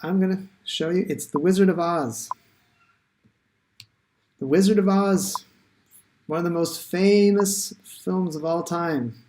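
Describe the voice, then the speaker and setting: A man's voice: sits high, takes it slowly, pauses often, a little mellow. A man teaching English in a live online lesson, chatty and encouraging, thinking aloud with many fillers.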